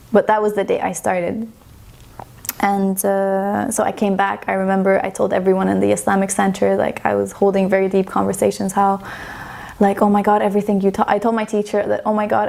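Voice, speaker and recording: A woman in her thirties from Estonia recounts a personal story in relaxed, conversational speech. Her voice has a marked vocal fry. She gets emotional and acts out the dialogue she quotes. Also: mid-range voice. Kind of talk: personal testimony, casual storytelling.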